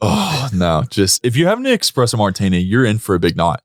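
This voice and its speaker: A man's voice: fairly low pitch, huge pitch swings, dry recording, clean studio sound. A man hosting a podcast, jokey and playful in casual chat. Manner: jokey, playful, quick to laugh. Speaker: podcast host.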